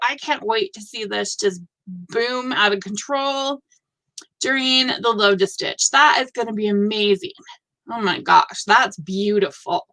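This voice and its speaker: Gushing slow-talking woman in her fifties. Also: medium pitch, pushed and bright. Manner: gushing, effusive reactions. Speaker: host of a live stitching show. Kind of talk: casual live-stream chat.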